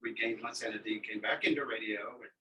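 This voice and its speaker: A man's voice: on the low side, steady tone, quick pace, bright, forceful tone. A man, a longtime radio DJ telling stories in a casual, folksy chat. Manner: folksy storyteller. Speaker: radio DJ guest. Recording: distant mic with faint background noise.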